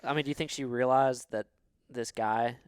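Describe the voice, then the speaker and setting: A man's voice: medium pitch, steady tone, moderate pace, smooth, no echo, clean studio sound. A man co-hosting a podcast, asking curious follow-up questions in casual conversation. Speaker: podcast co-host.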